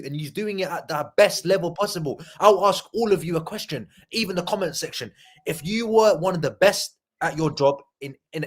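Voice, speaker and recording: Blunt fan panelist, slightly raised voice, angry and sweary. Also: male voice, high voice. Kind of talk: heated podcast rant.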